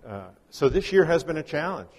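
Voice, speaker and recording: A man's voice: on the high side, big pitch swings, fairly quick, a little mellow. Man preaching in a reverberant church. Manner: conversational, folksy teaching with scripture readings. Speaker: guest preacher. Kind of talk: sermon.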